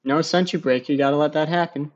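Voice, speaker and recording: A man's voice: on the high side, steady tone, fast talker, lo-fi sound. A man giving casual, chatty colour commentary alongside the main caller at a card game tournament.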